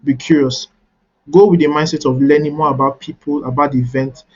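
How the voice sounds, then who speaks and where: Instructive male coach, husky voice. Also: fairly high pitch, fairly even intonation, a little fast, dull audio. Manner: instructive, repeats key points with "right?". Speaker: networking coach. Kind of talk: webinar teaching.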